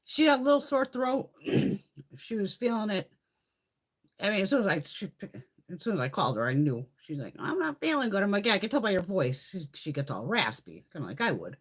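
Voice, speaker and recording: In a mid-range, slightly rough voice, this middle-aged beauty stream host speaks fairly quickly. She chats casually and animatedly with her live viewers, answering them and swearing freely along the way.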